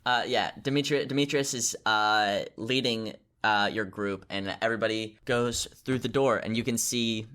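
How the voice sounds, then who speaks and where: Smooth-voiced man running a tabletop game. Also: on the low side, fairly bright tone. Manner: halting, many fillers and restarts. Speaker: game master.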